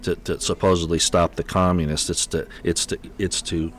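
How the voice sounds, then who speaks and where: Low-voiced male livestream host, halting and repetitive, exasperated commentary. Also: level tone, a bit bright. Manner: halting, repeats words often, exasperated. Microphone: computer mic on an unsteady connection.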